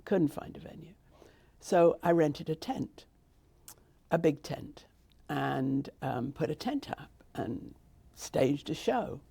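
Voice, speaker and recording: In a rambling interview, an older British woman who founded a theatre recounts her story, often restarting and drifting into asides. She sounds deep, gravelly and slightly rough but warm, animated while speaking slowly.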